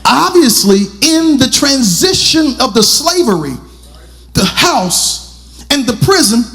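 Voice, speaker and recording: A male pastor preaching, swinging into shouted, half-sung lines and calling on the congregation. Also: very high voice, sing-song, takes it slowly. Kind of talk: sermon. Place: church sanctuary.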